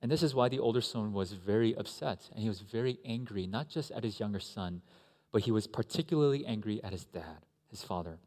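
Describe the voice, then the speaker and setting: A man pastor giving a conversational, animated sermon with asides to the congregation. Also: lowish voice, fairly quick. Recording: echoey hall.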